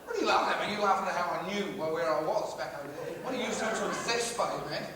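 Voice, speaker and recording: A brash, profane Australian stand-up comic teases the audience at a live show in a large music hall. His high voice runs very fast, caught on a distant mic amid heavy background noise. The echoey hall is taped from afar with loud crowd laughter.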